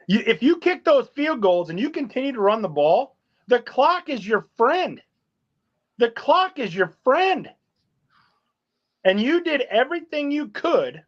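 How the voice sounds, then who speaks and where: A man's voice: sits high, a bit bright. A man co-hosting a sports talk show, blunt and fired up, citing stats. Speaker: podcast co-host. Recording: dull lo-fi audio.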